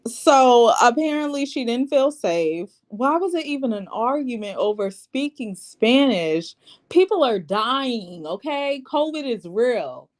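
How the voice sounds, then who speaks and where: A woman's voice: on the high side, measured pace, few pauses. A woman recapping a reality TV episode in casual, sassy commentary, acting out quotes as she goes. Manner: sassy and animated, quoting people in put-on voices.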